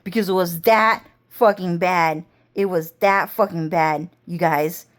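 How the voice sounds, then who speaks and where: A woman's voice: fairly even intonation, measured pace. Intense, profane woman vlogger. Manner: profane, intense, swinging pitch and pace. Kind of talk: rambling monologue.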